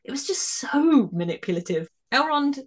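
A woman's voice: sits high, normal speed. Chatty woman reviewing a show. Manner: chatty, animated, trails off and restarts, laughs easily. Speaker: podcast co-host. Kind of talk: casual episode review chat.

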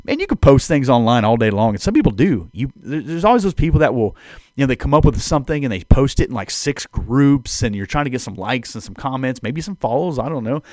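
A man in the middle of a casual devotional talk, speaking conversationally at an ordinary pitch. He leans on repetition and circles back to key phrases for emphasis. The sound is dry and close, with no room around it. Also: sing-song, fast, a little mellow, dry recording. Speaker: preacher and podcast host.

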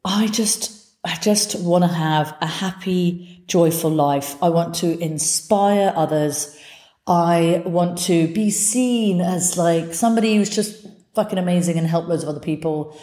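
On her own podcast, a woman delivers a candid, heartfelt solo monologue, swearing without hesitation. Her voice is low and mellow rather than bright, and the recording echoes as if in a bare room.

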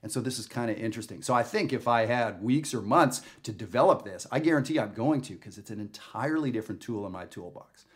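A man in the middle of a casual video lesson, speaking at an ordinary mid pitch. He thinks out loud, second-guesses himself openly, and keeps checking in with the viewer. The talk feels unscripted and conversational. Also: expressive, quick pace, hardly any pauses. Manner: thinking aloud, candid and self-questioning; talks directly to the viewer, often tags "right?". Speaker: jazz saxophone teacher.

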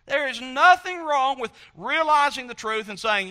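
A man's voice: very high voice, animated, brisk, bright, forceful tone. A man preaching a sermon, impassioned and repetitive, acting out quotes from the people he talks about.

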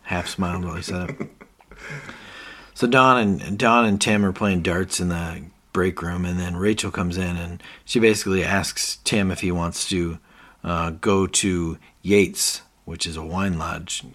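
A man's voice: low-pitched, steady tone, measured pace, a bit bright. A man co-hosting a podcast, casually retelling TV scenes and quoting characters. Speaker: podcast co-host. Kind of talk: casual recap chat.

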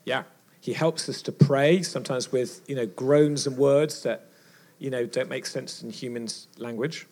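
Gravelly-voiced man telling a lively story. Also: mid-range voice, a little slow. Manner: animated storyteller acting out dialogue. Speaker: retreat speaker. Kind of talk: storytelling sermon.

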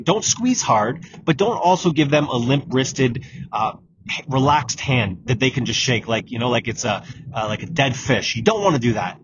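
Coaching male podcast host, lo-fi. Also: medium pitch. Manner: coaching, direct, repeats key points. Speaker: exam prep podcast host. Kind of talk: solo podcast advice talk. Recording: dull lo-fi audio with clear background noise.

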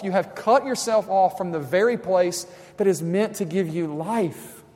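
A man preaching a sermon as a campus minister, impassioned and swinging from loud exhortation to soft, intimate speech. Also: sits high, unhurried, big-room sound.

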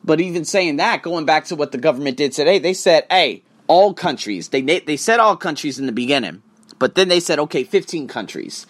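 A man ranting casually and profanely to his viewers, swinging between loud outbursts and hushed asides. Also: on the high side, fast. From United States. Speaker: vlogger and online teacher. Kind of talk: casual profane rant to camera.

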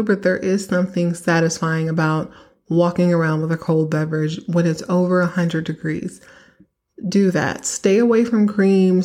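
A young woman from Texas hosts a solo podcast, chatting loosely and pressing her advice emphatically on her listeners. Her voice is slightly low for a woman and has a dark tone, and the episode is a casual monologue.

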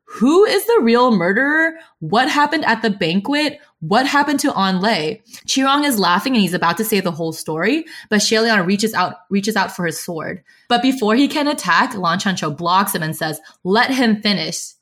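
A woman co-hosting a book podcast, blunt and expressive, swearing casually while chatting and reading a novel aloud. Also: medium pitch, normal speed, hardly any pauses. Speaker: podcast co-host.

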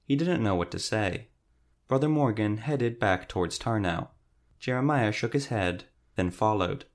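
Low-voiced male audiobook narrator. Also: animated, unhurried. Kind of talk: scripted narration.

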